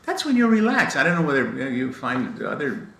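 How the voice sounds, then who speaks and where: A man's voice: mid-range voice, huge pitch swings, fairly quick, gravelly, fairly bright tone. An elderly man in his eighties, a veteran actor, reflecting on stage work while rambling and searching for words. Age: 80s. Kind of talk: interview reflection. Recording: roomy echo.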